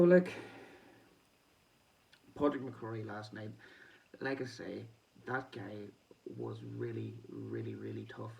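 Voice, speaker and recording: A man's voice: medium pitch, gravelly, dark tone. A man with a Northern Irish accent, talking in a rambling, chatty way in a casual diary-style vlog and laughing often. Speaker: boxing vlogger. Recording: distant mic with faint background noise.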